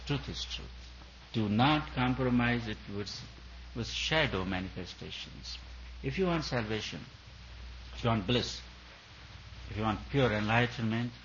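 Preaching to a retreat audience as a spiritual teacher, a man speaks in emphatic, repetitive phrases. His voice sits on the low side with a fairly bright tone, and slight background noise comes through the dull lo-fi recording.

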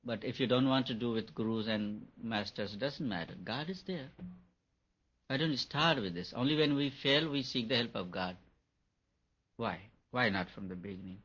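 A husky-voiced man teaches meditation at a gentle, unhurried pace. He keeps circling back to repeat his points. The recording sounds dull and lo-fi. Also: medium pitch. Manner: gentle, repetitive, chuckles often. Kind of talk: spiritual talk to an audience.

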